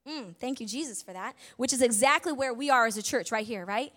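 A woman's voice: fairly high pitch, fairly quick. Chatty woman preaching a sermon. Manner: conversational storytelling, frequent tag questions, wide swings in loudness.

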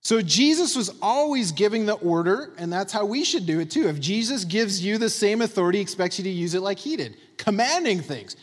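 A high-voiced man preaches with a very animated pitch. He talks in an emphatic, conversational way, keeps checking in with his listeners, and his voice carries a long hall reverb. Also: brisk, few pauses. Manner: emphatic, conversational, tags points with "right?". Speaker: pastor. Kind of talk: sermon.

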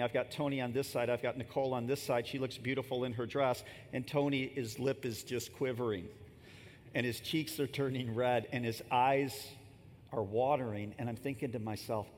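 A man's voice: steady tone, brisk, a little mellow. Man in his fifties preaching in a big hall. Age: 50s. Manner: conversational, storytelling preacher with asides. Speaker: pastor. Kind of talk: sermon. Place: church sanctuary. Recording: long reverb and faint rumble in a large hall.

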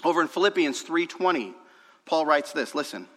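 A young male pastor preaches a sermon in a church sanctuary, his voice high for a man and notably bright. He builds to emphatic, raised passages, then drops to quiet, hushed stretches. The sound carries a long hall reverb. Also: expressive, normal speed.

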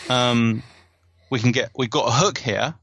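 Bright-voiced man rambling chattily. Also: mid-range voice, unhurried, slightly rough, no room sound. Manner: chatty, digressive, self-mocking with frequent laughs. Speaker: podcast host and author. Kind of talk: casual chat.

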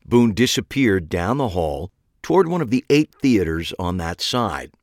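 A man's voice: fairly low pitch, very animated, measured pace, dry recording. A man narrating a first-person story in a dry, wry way.

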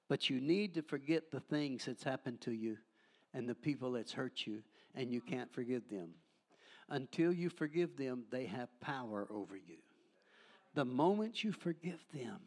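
An older man preaching with fervor, peppering every line with hallelujahs and amens. His delivery is folksy and humorous, swinging between loud praise and quieter ministering in an ordinary, middle-pitched voice. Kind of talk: charismatic sermon.

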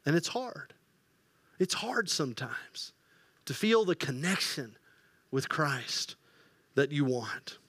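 Male pastor, high voice, animated storytelling sermon, dry close sound. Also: slow pace, pauses often, dry recording. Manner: animated storytelling, acting out quoted voices, dropping to hushed tones.

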